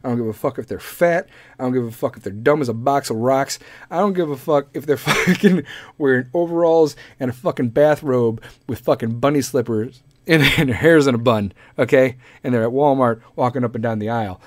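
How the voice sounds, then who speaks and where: A man's voice: medium pitch, a little fast, no room sound. A man hosting a podcast, delivering a crude, rambling comedic monologue and laughing often. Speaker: podcast host.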